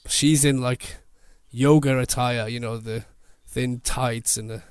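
A man, a photographer telling a lively story in casual chat and laughing often. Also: mid-range voice, takes it slowly, clear, resonant tone, no room sound, studio quality. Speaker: photographer guest.

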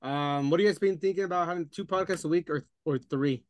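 A man's voice: a little high, quick pace. A young man hosting a casual podcast with friends, teasing them in loose banter full of fillers. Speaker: podcast host.

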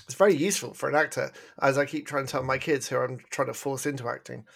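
Gravelly-voiced Englishman in his forties. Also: medium pitch, steady tone, quick pace, a bit bright. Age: 40s. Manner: chatty, self-mocking, laughs often. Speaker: podcast co-host. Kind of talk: casual chat.

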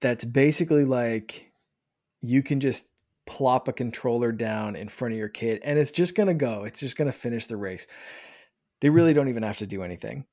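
A man in his thirties chatting casually as a podcast host, talking with excitement and often restarting his sentences. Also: mid-range voice, moderate pace. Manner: rambling, excited, many restarts. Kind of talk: casual chat.

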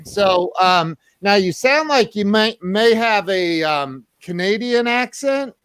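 A man's voice: high-pitched, lively intonation, slow pace, fairly bright tone, clear, resonant tone, no echo. A man hosting an interview show, talking casually and rambling with repeated words and fillers. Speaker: host.

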